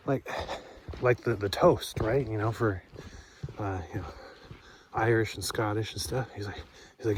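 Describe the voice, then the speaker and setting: A man's voice: lowish voice, steady tone, normal speed, pauses often. A man vlogging while hiking outdoors on a forest trail, telling stories casually with lots of fillers and acting out what people said. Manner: rambling storytelling with many fillers and acted-out quotes. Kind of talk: casual spoken trail diary. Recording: noisy outdoor camera audio.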